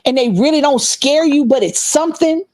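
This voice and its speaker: A middle-aged woman telling a story in casual chat, animated and laughing, acting out the other people's voices. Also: high-pitched, moderate pace. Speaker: podcast co-host.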